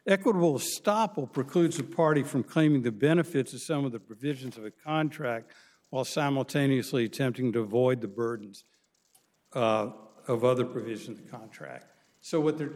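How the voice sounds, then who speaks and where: A man's voice: medium pitch, darkish tone. Male lawyer arguing in an echoing courtroom. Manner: halting, restarts and self-corrections, measured. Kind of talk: courtroom oral argument.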